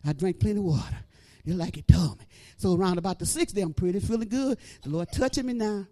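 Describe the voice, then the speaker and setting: A middle-aged woman preacher giving an animated testimony, breaking into praise and shouting at the peaks. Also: medium pitch, fast. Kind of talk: testimony sermon.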